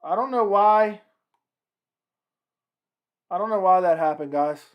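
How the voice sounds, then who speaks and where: A man's voice: high-pitched, slow pace, clear, resonant tone, lo-fi sound. A man hosting a casual livestream, commenting on a fight and talking with his chat. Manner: chatty, reacting to the fight and the chat. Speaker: livestream host.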